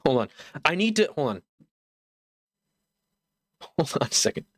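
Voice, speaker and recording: A man's voice: on the high side, very animated, unhurried, no echo, clean studio sound. A young man streaming live from home, ranting in mock outrage with lots of exasperation.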